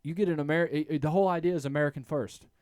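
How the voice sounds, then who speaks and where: A man hosting a casual podcast chat who rambles, restarts his sentences often and jumps into sudden loud emphasis. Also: a little high, rapid-fire, no echo. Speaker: podcast host.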